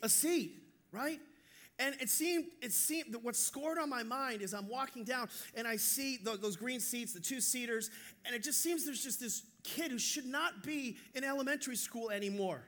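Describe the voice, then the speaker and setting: A male pastor preaching a sermon, telling stories in an animated, joking way. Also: very high-pitched, moderate pace.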